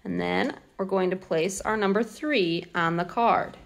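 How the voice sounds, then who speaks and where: A woman teacher showing hands-on classroom activities, sounding words out slowly and clearly. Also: lowish voice. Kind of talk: instructional demo.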